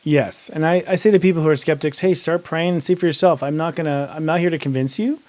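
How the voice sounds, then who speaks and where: A middle-aged man hosts a podcast interview in an eager, conversational way. He talks very fast and laughs easily. His voice sits a little higher than most men's. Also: steady tone, darkish tone. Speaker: astrologer, podcast host.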